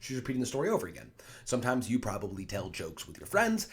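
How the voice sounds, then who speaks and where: Animated man explaining old plays. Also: lowish voice, fast, creaky. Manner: reads quoted lines in raised, lively voices, then explains plainly. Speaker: teacher. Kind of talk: explaining a play line by line.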